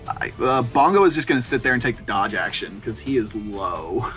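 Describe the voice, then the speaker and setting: Casting note: male tabletop player on a headset, mid-pitched, relishing combat, faint music bed. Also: animated, normal speed, fairly bright tone. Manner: eager, relishing, describes attacks in vivid detail. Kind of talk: playing a tabletop game online.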